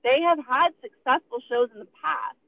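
On a podcast, a woman calls in by phone and explains things at length in a casual, chatty way. Her voice is high and creaky, her pace normal, and the line sounds tinny.

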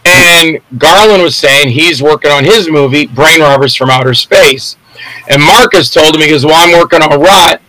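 A man's voice: a little high, moderate pace, bright, forceful tone, poor audio. An older man, an actor, telling rambling anecdotes in a casual interview and acting out the voices of people in his stories.

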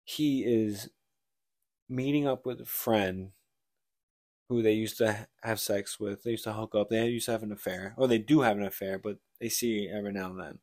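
A man's voice: fairly low pitch, steady tone, moderate pace, a little mellow, dry recording, clean studio sound. A man co-hosting a casual book podcast, rambling through a story retelling with lots of "like" and restarts. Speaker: podcast co-host.

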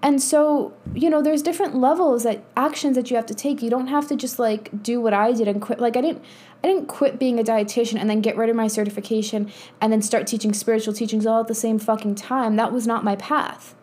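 A woman's voice: fairly high pitch, steady tone, a little fast, warm tone. A woman in her thirties hosting a casual motivational monologue as a spiritual coach, blunt and profane, laughing often. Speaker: podcast host and spiritual coach.

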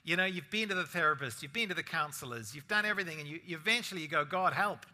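Bright, forceful male pastor preaching. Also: on the high side, lively intonation, racing. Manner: conversational preaching with rhetorical asides. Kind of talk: sermon.

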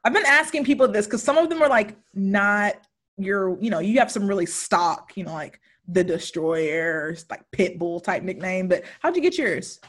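A woman's voice: mid-range voice, expressive, moderate pace, fairly bright tone. Young woman host, chatty and rambly, swears kinda casually. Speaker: podcast host. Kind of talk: casual interview chat.

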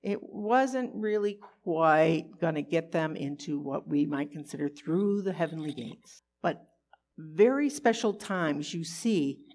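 A woman teaching a conversational Bible lesson, animated and expressive, often asking her listeners rhetorical questions. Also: deep voice, measured pace.

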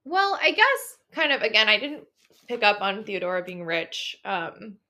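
A woman co-hosting a book podcast, chatting in an animated way, laughing often and swearing casually, and sometimes reading aloud from the novel. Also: mid-range voice, unhurried. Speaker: podcast co-host.

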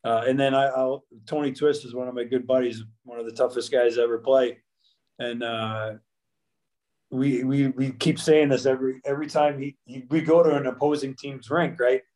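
A man in his fifties reminisces as an interview guest, drifting through long stories with many restarts and fillers. His voice sits in a middle register with very little rise and fall, almost monotone. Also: mid-range voice, normal speed, rough recording. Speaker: guest, former pro hockey player. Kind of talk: casual interview.

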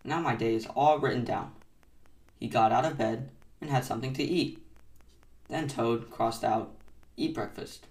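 A man reading bedtime stories aloud in a soft, soothing way that is meant to lull young listeners to sleep. He takes his time, pausing often at a very slow pace. His voice sounds slightly distant from the microphone. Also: medium pitch, vocal fry, roomy sound. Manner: gentle and unhurried. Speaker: bedtime story podcast host.

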